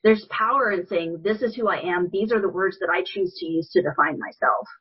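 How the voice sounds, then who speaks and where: A guest from rural Missouri speaking candidly and thoughtfully in a podcast interview over a video call. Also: female voice, lowish voice, brisk, husky. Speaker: guest, educator and advocate. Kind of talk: casual interview chat. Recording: dull lo-fi sound.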